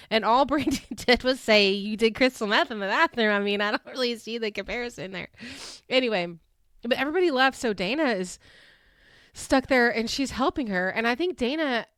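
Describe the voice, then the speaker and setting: A woman's voice: on the high side, no room sound, studio quality. A woman hosting a podcast recap, chatting casually, laughing often and acting out quotes. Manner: animated, laughs often, acts out quotes in shifted voices. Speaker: podcast host recapping a reality show. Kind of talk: casual chat.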